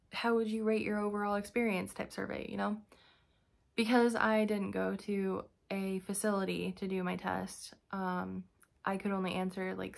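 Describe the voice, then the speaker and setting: Young woman vlogger, casual chatty update, some vocal fry, mid pitch, exasperated storyteller.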